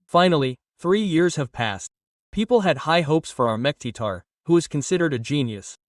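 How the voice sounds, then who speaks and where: A man narrating an anime recap in a plain, steady, repetitive storytelling way. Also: fairly high pitch, normal speed, no echo. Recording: dry, a bit distant from mic.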